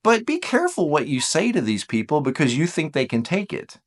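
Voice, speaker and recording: Man teacher, casual and self-mocking, animated, fairly high voice. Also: brisk. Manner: animated, self-deprecating, emphatic. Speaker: Enneagram teacher.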